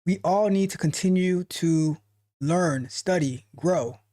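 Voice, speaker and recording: A man's voice: on the high side, takes it slowly, dark tone. A man hosting a coding livestream as a tech coach, talking casually and emphatically, repeating phrases for stress and reading out the chat.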